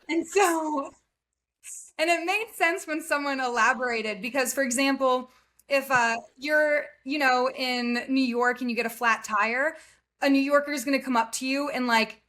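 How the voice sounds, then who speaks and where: A woman's voice: sits high, pushed and bright. A woman from the United States, a podcast guest chatting casually, bubbly and giggly with lots of fillers. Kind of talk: casual interview chat.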